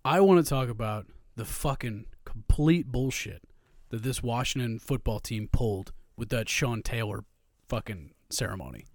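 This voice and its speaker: A man on a sports podcast, ranting hard and swearing freely about the game. His voice sits in a middle pitch, recorded close and dry with almost no room sound. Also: animated, unhurried, dry recording. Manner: profane, ranting, heated. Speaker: podcast co-host. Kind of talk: casual sports chat.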